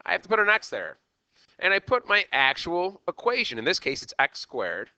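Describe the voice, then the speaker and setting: A man teaching a math lesson as a teacher, animated and checking in with "okay" again and again. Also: high voice, moderate pace, dry recording. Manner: animated, repeats "okay" often. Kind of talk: classroom lecture.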